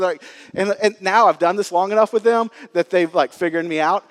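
A man in his thirties preaches in a church with a light, high voice. He talks like he's chatting with friends, full of fillers and easy storytelling. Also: a little fast. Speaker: pastor. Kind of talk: sermon.

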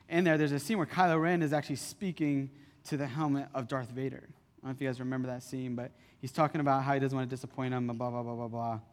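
Man preaching a casual sermon in a reverberant hall. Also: medium pitch. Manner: conversational, animated storytelling. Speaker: pastor. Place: church hall.

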